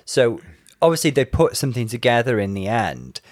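A man's voice: mid-range voice, very animated, brisk, no room sound. A man co-hosting a podcast in casual chat, making dry, wry remarks. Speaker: podcast co-host.

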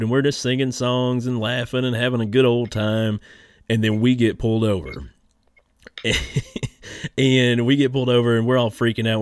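A laid-back man, chatting as a podcast host. His voice sits low and is recorded close and dry, with no room sound. He tells his stories easily and laughs often. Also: dry recording. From Kentucky. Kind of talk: casual podcast chat.

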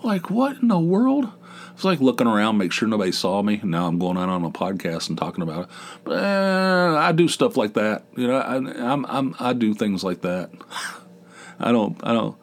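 A man's voice: lowish voice, expressive, normal speed, a little hiss or hum. A man hosting his own podcast in a casual, rambling, self-deprecating monologue, with a big dopey voice and many restarts. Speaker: podcast host.

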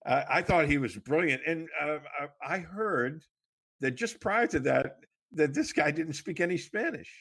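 A man hosting an interview, asking questions in a halting way with many fillers. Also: a little high, expressive, a bit bright, husky. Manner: halting, lots of fillers and restarts. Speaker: interview host.

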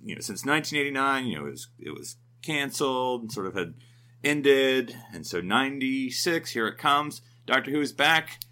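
A man's voice: medium pitch, very animated, moderate pace, bright, forceful tone. A man in his forties from the United States, co-hosting a podcast in casual, digressive, upbeat chat. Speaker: podcast co-host.

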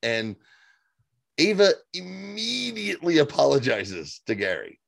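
A man co-hosting a casual podcast, talking in an animated, profane way. His pitch swoops widely, and the sound is dry and close to the mic. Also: measured pace, gravelly, dry recording. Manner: animated, profane, reads reviews aloud. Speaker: podcast co-host.

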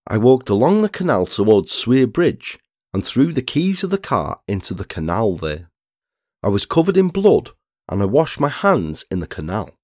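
Low-voiced man narrating true crime. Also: big pitch swings, darkish tone, no room sound, clean studio sound. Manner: measured, reads statements aloud plainly.

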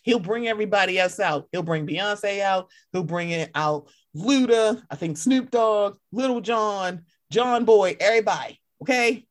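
A woman co-hosting a casual chat, animated and swearing freely as she acts out her own reactions. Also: medium pitch, a little slow, few pauses. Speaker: podcast co-host.

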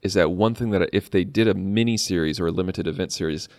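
A man's voice: sits low, quick pace, a little mellow, dry recording, clean studio sound. A man co-hosting a podcast in casual chat, rambling with fillers and restarts. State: slight cough. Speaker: podcast co-host.

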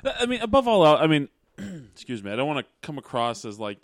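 A man's voice: a little high, very animated, brisk, no room sound, clean studio sound. A man talking casually about his wrestling days, rambling with many fillers and restarts. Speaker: podcast host, wrestler. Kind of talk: casual chat.

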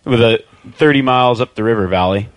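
Animated man telling a hunting story. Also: mid-range voice, brisk, no room sound. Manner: animated storyteller, acts out quoted voices. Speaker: podcast guest. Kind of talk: casual storytelling.

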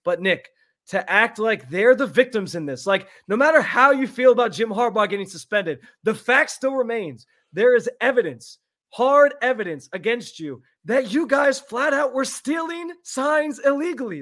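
A man with a notably high voice co-hosts a casual sports podcast. He talks in a heated, scornful rant, pressing his points hard. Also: expressive, moderate pace, pushed and bright. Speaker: podcast co-host.

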